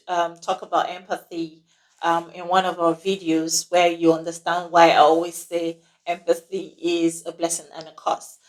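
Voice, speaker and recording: A woman hosting a casual advice talk on relationships, halting with many "um"s and checking in with "okay?". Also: on the low side.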